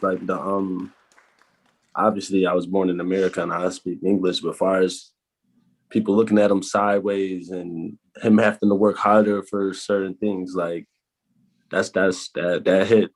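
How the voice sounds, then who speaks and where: A man speaking as a podcast guest in a casual, halting way, often repeating words. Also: sits low, low-quality recording.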